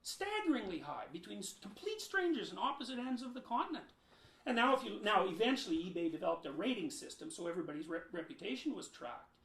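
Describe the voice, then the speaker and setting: A man giving long explanatory interview answers in his home, emphatic and lecturing, with sharp swings between loud and quiet. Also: high voice, big pitch swings, quick pace. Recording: roomy echo.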